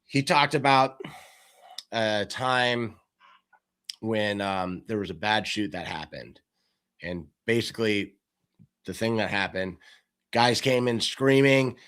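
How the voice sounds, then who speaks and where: Speaking slowly and smoothly, with long pauses and a fairly low pitch, a man hosts a relaxed podcast conversation. His storytelling is animated, and he performs quoted lines as he goes.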